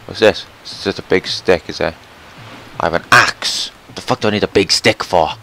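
A young man giving loud, profane let's play commentary, yelling and swearing at the game. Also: low-pitched, normal speed, slight background noise. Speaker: gameplay commentator.

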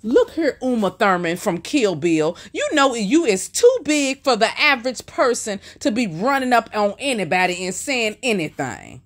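A woman's voice: on the high side, big pitch swings, normal speed, few pauses, fairly bright tone. A woman giving teasing, mocking reaction commentary and talking straight to her viewers. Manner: sassy, teasing, talks to viewers as y'all.

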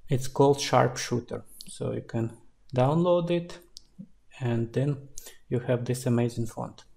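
A man, an indie game developer, narrating a screen-recorded tutorial in a relaxed, explaining way. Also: medium pitch, measured pace, creaky.

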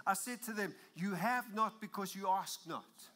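Male preacher, high-pitched and bright, emphatic sermon delivery with loud peaks. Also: normal speed, hardly any pauses. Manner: emphatic, rises to loud exclamations.

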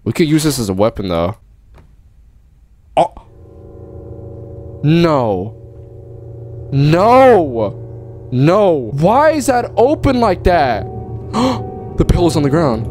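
A man's voice: on the high side, takes it slowly, pauses often. Jumpy, slangy man streaming a horror game. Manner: jumpy, excitable, yelps when startled; casual slang, calls the game bro and dog. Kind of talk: live gameplay commentary. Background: game music.

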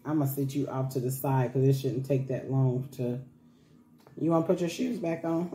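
A woman's voice: a bass voice, normal speed, dark tone. A woman vlogging at home in casual chat to camera, talking to her viewers while she cares for baby dolls. She repeats herself and laughs often. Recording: echoey room with faint background noise.

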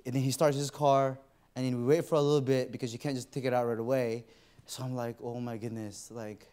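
A preacher delivers a sermon in a church auditorium, recounting a personal story and voicing his own inner thoughts. His voice is medium-pitched, slightly mellow, and clean in tone.

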